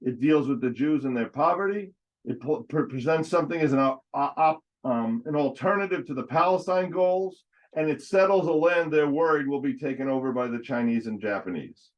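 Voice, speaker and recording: A man with a fairly high voice lectures on history in a halting way, stopping mid-word and correcting himself. The sound is dull and lo-fi. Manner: halting, frequent false starts and self-corrections. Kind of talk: adult education lecture. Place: congregation classroom. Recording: dull lo-fi recording.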